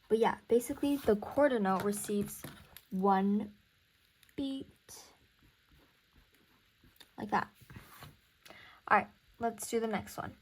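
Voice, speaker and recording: A young woman teaching music theory in a casual recorded lesson, thinking aloud and counting beats. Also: a little high.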